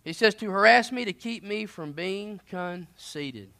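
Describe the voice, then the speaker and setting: Bright, high-voiced man preaching. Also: lively intonation, a little slow, hardly any pauses. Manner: conversational preaching, swings between loud emphasis and quiet asides. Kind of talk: sermon.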